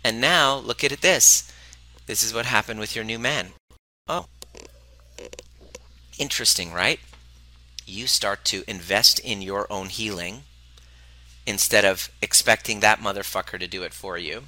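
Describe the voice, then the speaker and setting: Blunt, bright-voiced male relationship coach. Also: lowish voice, unhurried, pauses often, rough recording. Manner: emphatic and blunt, swears freely; repeats phrases for emphasis. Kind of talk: motivational talk to a live group.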